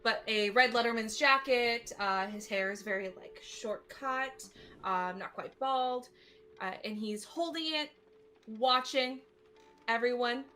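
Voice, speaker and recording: A woman's voice: fairly high pitch, a little slow, bright, forceful tone, soft background music. A woman narrating as game master of a tabletop game, describing scenes in a chatty way with many fillers.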